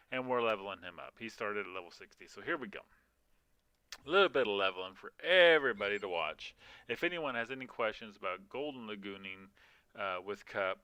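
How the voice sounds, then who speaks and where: Fairly low in pitch, this man's voice is bright, forceful, clear and resonant. He live-streams a mobile game from home, chatting casually with viewers in a rambling manner, yawning frequently and using many filler words.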